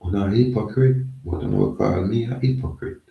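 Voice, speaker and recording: A man's voice: lowish voice, fairly quick, creaky, dull audio. A man talking in a rambling, emphatic casual monologue, repeating himself. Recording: echoey, from far off the mic.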